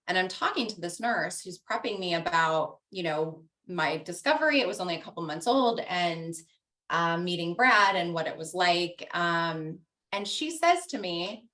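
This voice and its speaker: Lower-voiced woman telling a story. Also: fairly bright tone. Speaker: podcast guest. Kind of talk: casual storytelling.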